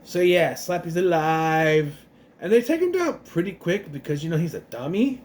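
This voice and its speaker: Rambling man with a lively voice. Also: fairly high pitch. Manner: rambling, restarts a lot, acts out lines in quick voices. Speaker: youtuber recapping an episode. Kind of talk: casual spoken recap.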